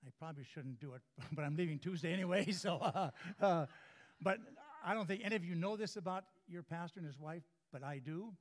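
A guest preacher, a man with a somewhat high voice, speaks to a church congregation. He tells stories in a folksy, chatty way, restarting and repeating words as he goes. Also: a little fast. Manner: folksy storyteller, repeats and restarts words, chuckles at own jokes. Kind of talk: sermon with a humorous story.

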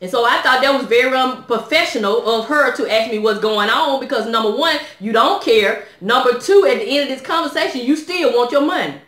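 A woman's voice: on the high side, brisk, hardly any pauses, a bit bright. A woman vlogging a blunt, exasperated rant to her viewers, putting questions to them. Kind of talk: casual direct-to-camera rant. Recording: echoey room.

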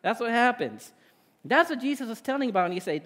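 A man with a high voice preaches a sermon in a church. He talks in a relaxed, conversational way and keeps checking in with his listeners. Long reverb hangs on his words, as in a large hall. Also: fairly quick. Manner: conversational, with tag questions. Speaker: pastor.

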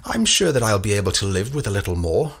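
A man's voice: on the low side, very animated, quick pace, creaky, husky, voice pushed down, full character voice. A man with an English accent voicing a guarded, stiff young aristocratic student in a storybook reading.

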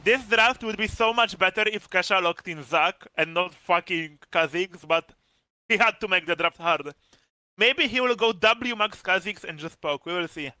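A man casting an esports match with loud hype calls, his voice hoarse and worn from screaming. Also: high-pitched, normal speed, no room sound, soft background music. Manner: shouts big hype calls, then drops to tired casual talk. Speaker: esports caster and streamer. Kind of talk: hyped esports draft and game commentary.

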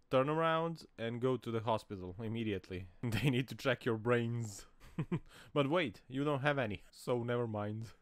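A man's voice: mid-range voice, no room sound. Mocking man. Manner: mocking, laughs often, sudden loud exclamations. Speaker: dashcam compilation commentator. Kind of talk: casual commentary over clips.

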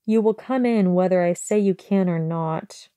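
A woman voicing a sullen, sharp-tongued young wizard, scornful and biting in an audiobook reading. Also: on the low side, normal speed, clean tone, no echo, clean studio sound, natural voice. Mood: weary.

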